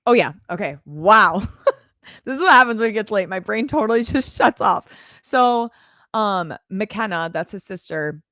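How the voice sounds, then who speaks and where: A woman's voice: mid-range voice, lively intonation, normal speed, pushed and bright, no room sound, studio quality. A young woman hosting a live chat, telling a personal story casually on a clip-on mic, full of "like" and laughter. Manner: chatty, peppered with "like", laughs while telling. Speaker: host.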